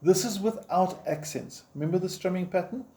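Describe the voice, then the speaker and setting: A man's voice: high-pitched, brisk. A man teaching guitar step by step in an informal, encouraging way, counting the beats aloud as he plays. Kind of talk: step-by-step instruction. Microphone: camera framing the guitar. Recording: roomy echo with guitar playing.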